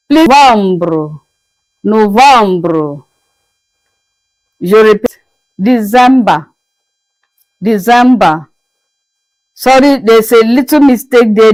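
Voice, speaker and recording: A woman's voice: medium pitch, darkish tone, dry recording, low-quality recording. A woman teaching French as a lesson to her channel, who spells the words out and repeats each one patiently. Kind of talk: slow, patient classroom lesson.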